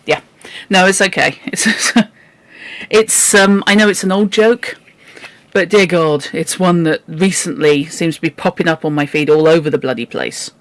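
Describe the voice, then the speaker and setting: Book club host, chatty and exasperated, mid pitch, dry close sound. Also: normal speed, fairly bright tone, dry recording. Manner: exasperated, chatty, swears in asides. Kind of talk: casual chat and reading aloud.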